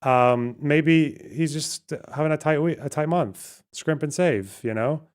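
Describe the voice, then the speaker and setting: A man's voice: a little high, measured pace, smooth. A man hosting a casual livestream, commenting with sardonic asides and swearing freely. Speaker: livestream host.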